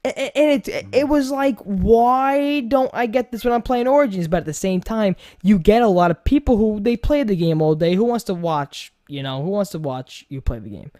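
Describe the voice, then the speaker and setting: A man's voice: high-pitched, lively intonation, normal speed, hardly any pauses, mellow. A young man with a New York accent chats loosely as a podcast host. He rambles from one thought to the next, doubles back on his words and swears freely. His delivery is casual and unscripted. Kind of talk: casual chat.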